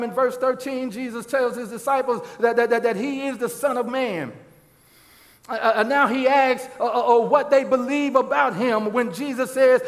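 A pastor preaching a sermon, with constant "uh, uh" restarts and bursts of shouted emphasis. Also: male voice, very high voice, moderate pace. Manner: stammering restarts, strings of "uh, uh, uh". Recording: long hall reverb.

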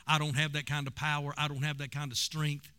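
Pastor guy preaching, bright tense voice, tells stories with lots of emphasis. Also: fairly high pitch, flat delivery, fairly quick, smooth. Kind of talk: sermon.

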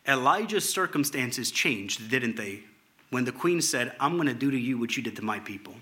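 A man preaching a sermon, reading scripture aloud in an animated way, at times dropping to a hushed tone. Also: mid-range voice, normal speed. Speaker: pastor.

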